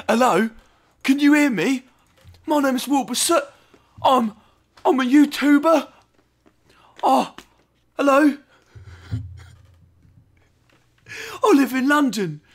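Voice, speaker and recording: A man's voice: very high voice, expressive, extremely slow, long pauses, sharp tone, pitched above the performer's own voice, full character voice. A man putting on a mocking, over-the-top stereotyped British accent, parodying a posh young YouTuber on a livestream.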